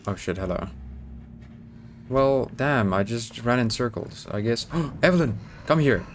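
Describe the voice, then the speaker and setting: A man giving excitable let's-play commentary, swearing, joking and pleading with the game as he plays. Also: medium pitch, measured pace, faint music behind. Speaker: gaming YouTuber.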